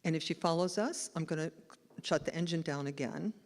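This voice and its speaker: A woman minister imitating a calm male safari guide who coaxes an elephant in a soft, slow voice. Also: sits low. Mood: soothing. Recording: long hall reverb in a church.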